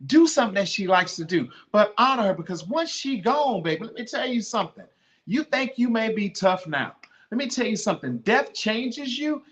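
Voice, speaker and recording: A man hosting a podcast, urging listeners to honor their mothers and telling the story of losing his own, by turns fervent and hushed with grief. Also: high-pitched, big pitch swings, normal speed. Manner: impassioned, pleading, then hushed and grieving. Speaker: podcast host. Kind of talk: emotional personal storytelling.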